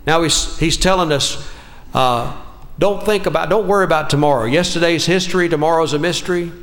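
A man preaches a folksy sermon, his fairly high voice ringing through a church hall with a long echo. He tells stories, restarts his sentences and drops in amens as he goes. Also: brisk, a bit bright.

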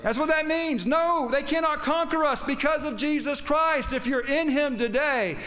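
A man's voice: extremely high pitch, moderate pace, bright, forceful tone. A man preaching a sermon, quoting scripture with emphasis and putting questions to his congregation. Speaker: pastor.

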